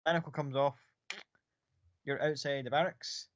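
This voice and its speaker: A man's voice: mid-range voice, steady tone, normal speed, no room sound. A man running a tabletop game as game master, narrating in a loose, rambling way with casual swearing.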